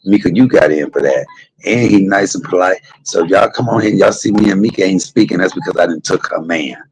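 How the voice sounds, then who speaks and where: A middle-aged man, talking to his live stream audience in a low, husky voice. His voice has a gravelly edge, and he tells candid, salty stories, acting out the other people's lines in animated voices. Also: fairly quick, rough recording. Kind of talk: casual storytelling to a live audience.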